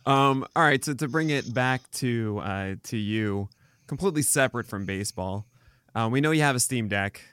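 A man's voice: medium pitch, normal speed, a bit bright, clear, resonant tone, no echo. A man hosting a podcast, asking playful questions in casual interview chat. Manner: playful, asks questions with hesitant fillers. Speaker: podcast host.

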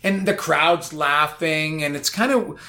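A man telling a long anecdote in a casual chat, animated and rambling, full of "like". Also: fairly high pitch, measured pace. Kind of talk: casual storytelling.

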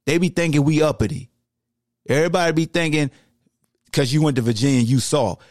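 A man's voice: on the high side, fairly quick, no echo, clean studio sound. A man hosting a sports podcast, ranting with heat in casual, slangy talk. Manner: animated, slangy, heated ranting. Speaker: podcast host.

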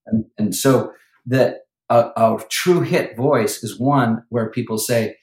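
A man's voice: medium pitch, slow, a little mellow, echoey room, low-quality recording. A man who works as a vocal coach, talking animatedly in a podcast interview and breaking into sung lines now and then.

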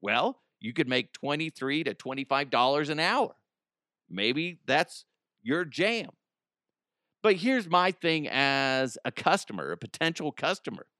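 A man's voice: a little high, pushed and bright, no echo, clean studio sound. A man hosting a podcast, ranting in a crude, rambling comedic monologue and often laughing. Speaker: podcast host.

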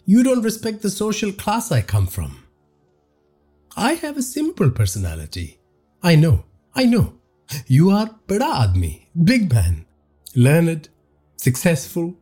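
A man reading a horror story aloud, voicing a lowly male servant who mocks and turns unhinged, in a taunting sing-song. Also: huge pitch swings, unhurried, mellow, slightly rough, heavily acted.

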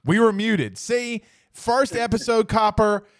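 A man co-hosting a casual sports podcast, excitable and animated, jumping between quick banter and self-corrections. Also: sits high, no echo, studio quality. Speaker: podcast co-host.

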